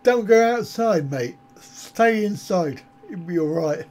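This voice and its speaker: A man hosts a casual live stream for his viewers, wandering from topic to topic with an easy, joking manner. His voice sits a little high for a man, and he takes his time getting the words out. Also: animated, slow pace, darkish tone. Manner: jokey, rambling, easygoing. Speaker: travel vlogger hosting a live stream.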